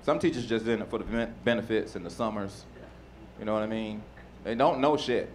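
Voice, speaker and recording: A man doing stand-up, animated and mocking. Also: fairly low pitch, fairly quick, background noise. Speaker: stand-up comedian. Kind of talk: stand-up comedy.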